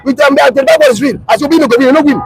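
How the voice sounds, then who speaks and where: High, fast-talking man with a Nigerian Pidgin accent. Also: wildly swooping pitch, soft background music, low-quality recording. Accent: Nigerian Pidgin English. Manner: loud, insistent, argues over interruptions. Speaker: street debater. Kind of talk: heated street political debate.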